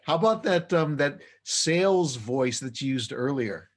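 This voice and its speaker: A man's voice: on the high side, lively intonation, a little slow. A man hosting a casual interview, amused and coaxing, stammering a little now and then.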